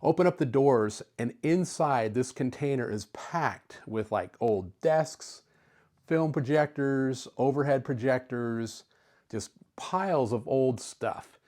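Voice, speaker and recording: Warm and animated, a fifty-something man's mid-range voice moves at a slow pace as he shares a personal story on camera. He hosts retro-computer videos, and his telling is casual, chatty, and full of fillers.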